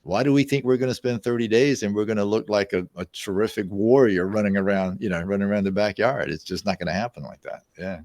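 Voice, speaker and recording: This podcast guest, a mind-body therapist in his sixties, talks fast with few pauses, telling easygoing personal anecdotes in a conversational interview and restarting now and then. His voice is on the low side, darkish and fairly even in intonation, recorded studio quality with no echo.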